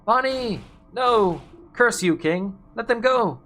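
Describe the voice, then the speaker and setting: A man voicing a scared young game hero, shouting desperate pleas in a high strained voice. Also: little pitch movement, fast, soft background music. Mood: panicked. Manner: high, shouted, panicked pleading.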